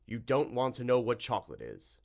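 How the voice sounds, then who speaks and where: A man's voice: mid-range voice, very animated, fairly quick, a little mellow. A man voicing a solemn, heroic male vampire hunter in an audiobook, speaking in a grave, formal, old-fashioned way.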